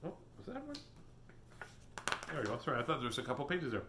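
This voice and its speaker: Playful male host reading to kids, animated and jokey, roomy sound. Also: mid-range voice, fast talker, noisy background. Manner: playful, joking asides and silly animal voices. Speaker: children's book reader. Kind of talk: reading a picture book aloud on video.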